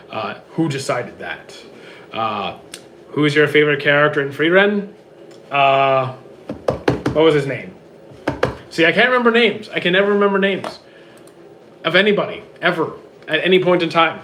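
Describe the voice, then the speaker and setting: Man, hoarse tired voice, fairly high pitch, offhand answers to chat questions, faint background hum. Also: a bit bright. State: hoarse, worn-out voice. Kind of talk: casual livestream chat. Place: home with roommates.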